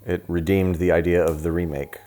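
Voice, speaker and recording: A man's voice: low voice, little pitch movement, brisk, dark tone. A man co-hosting a casual movie-review podcast, talking with a dry, joking delivery. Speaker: podcast co-host.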